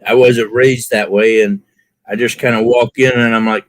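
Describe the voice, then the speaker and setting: A man from Alabama on a live panel, telling stories in an animated way, acting out his reactions and laughing at himself. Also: mid-range voice, moderate pace, no room sound. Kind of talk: casual chat.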